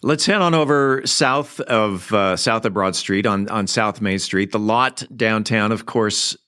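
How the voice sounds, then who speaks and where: A man's voice: on the low side, measured pace, sharp tone. A man hosting a local community podcast, chatting easily with a guest. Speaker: podcast host. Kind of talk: casual interview talk.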